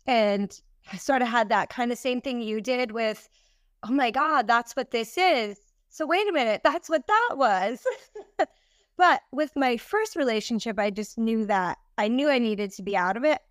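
Female podcast guest, slightly high voice, candid and reflective, dry recording. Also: dry recording. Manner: candid, reflective, a little hesitant. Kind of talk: casual interview talk.

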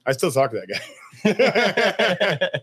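A man in his thirties, an army veteran, telling stories in a relaxed, profane, chatty way and often breaking into laughter. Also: high voice, slow, breathy edge, no echo. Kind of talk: casual storytelling interview.

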